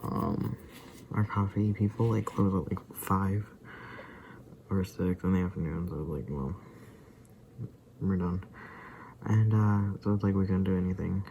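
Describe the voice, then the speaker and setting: Vlogger, male, low and gravelly, mellow tone, rambling casual talk that slips into whispers. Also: fairly even intonation, normal speed, a little hiss or hum, rough recording. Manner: often drops to a soft unvoiced whisper; loose and rambling, full of fillers and asides.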